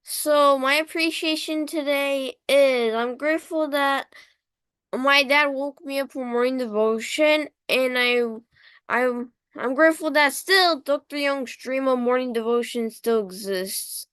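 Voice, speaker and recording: A woman's voice: high voice, measured pace, fairly bright tone, no echo, clean studio sound. A woman sharing a short note of gratitude over a video call, a little hesitant. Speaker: congregation member sharing gratitude. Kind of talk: brief spoken sharing.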